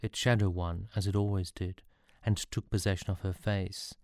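A man narrating a story as an audiobook in a calm, measured way. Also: deep voice, no echo, clean studio sound.

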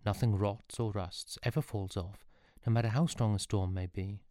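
A man's voice: fairly low pitch, steady tone, moderate pace, dark tone, no echo, studio quality, close to an everyday voice. Man voicing a lonely lost young man. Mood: wondering.

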